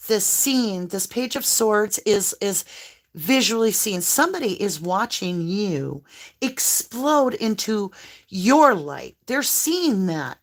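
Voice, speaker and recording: A woman doing a casual tarot reading, talking straight to her viewers in an easygoing, rambling way. She jumps between thoughts and leans into warm, spiritual reassurance as she explains the cards. Her voice sits at an ordinary, middle pitch. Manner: chatty, scattered, spiritual, reassuring. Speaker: tarot reader.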